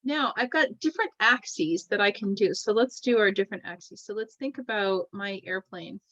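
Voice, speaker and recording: A woman's voice: mid-range voice, animated, normal speed, a bit bright, no echo. A woman teaching a class, explaining step by step as she draws and often checking in with "right?". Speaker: lecturer. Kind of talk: classroom lecture. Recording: dull, dry lo-fi classroom recording.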